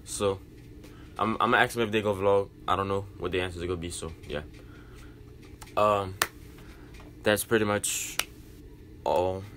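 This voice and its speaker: A man's voice: deep voice, fairly even intonation, moderate pace, long pauses, fairly bright tone, slight background noise. A young man reacting to a video and rambling casually to his viewers as a vlogger. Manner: loose, rambling, apologetic asides. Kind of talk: casual vlog talk.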